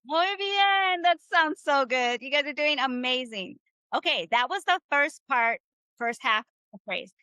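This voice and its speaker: A woman's voice: high-pitched, expressive, measured pace, sharp tone, no echo, highs cut off. A woman teaching a live online Spanish class, upbeat and encouraging as she leads the group through repetition drills.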